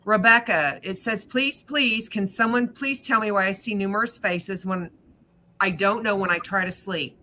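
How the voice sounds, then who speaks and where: A woman with a bright, clear tone speaks earnestly on a casual live chat, reassuring her listeners. She slows down on the points she wants to land, and faint noise sits under the recording. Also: medium pitch. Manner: earnest, reassuring, slow when stressing points. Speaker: reader on a spiritual live chat.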